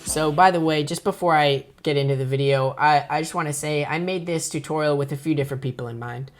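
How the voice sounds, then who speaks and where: A man's voice: fairly high pitch, fast talker, soft background music. A young man giving a casual, chatty spoken tutorial, explaining things step by step in an informal way. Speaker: voice tutorial creator.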